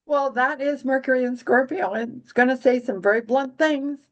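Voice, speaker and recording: A woman with a fairly high voice talks through astrology in a loose, rambling way. She stumbles and restarts often, slipping in dry jokes and little giggles as she goes. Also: fairly even intonation, muffled recording. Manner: rambling, halting with many restarts. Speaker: astrology podcast host. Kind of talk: casual astrology chat.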